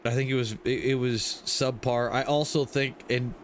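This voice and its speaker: A man's voice: mid-range voice, fairly even intonation, moderate pace, a little hiss or hum. A man broadcasting a sim racing stream, mixing casual race commentary with joking banter and frequent laughter. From Michigan. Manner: laughs a lot, joking and loose.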